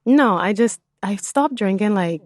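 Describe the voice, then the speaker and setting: A woman's voice: mid-range voice, lively intonation, a little slow, no room sound, clean studio sound. A young woman from the Bahamas with a Bahamian accent, chatting animatedly and laughing as a podcast guest. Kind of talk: casual chat.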